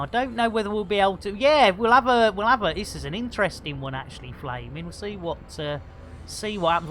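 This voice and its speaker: A man's voice: sits high, a bit bright, slight background noise. A British man giving casual live-stream commentary over a game, full of puns and rambling jokes. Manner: jokey, punning, rambling banter.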